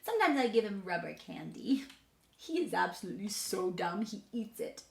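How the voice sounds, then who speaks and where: A woman's voice: medium pitch, sing-song, moderate pace, creaky. A woman voicing a precocious, mischievous six-year-old girl who lives in a hotel, in a chatty, boastful storybook monologue. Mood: playful. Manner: chatty, boastful, matter-of-fact child monologue. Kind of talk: dramatic reading of a storybook character. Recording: roomy echo.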